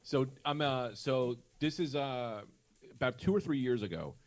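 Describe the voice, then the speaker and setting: A man's voice: medium pitch, normal speed. A man on a live stream telling a long story in a casual, profane way, often restarting his sentences. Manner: animated, profane, self-interrupting.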